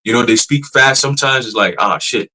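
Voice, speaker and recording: A man teaching casually on a church livestream, profane and animated, laughing and mocking as he talks. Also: medium pitch, fast, poor audio.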